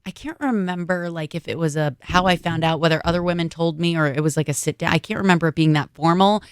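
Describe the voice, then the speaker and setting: Woman, lowish voice, smooth and clear, dry close sound, chatty storyteller. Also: fast talker, no echo. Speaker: guest, motorsports broadcaster. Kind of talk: casual interview chat.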